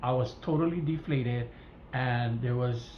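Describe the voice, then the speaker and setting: A woman's voice: rumbling low, a little slow. A woman from Hawaii with a Hawaiian Pidgin-tinged accent, vlogging a casual rant to her viewers and acting out the dialogue as she tells the story. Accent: Hawaiian Pidgin-tinged English. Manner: animated storytelling, acts out dialogue. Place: home kitchen. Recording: roomy, slightly dull, faint hiss.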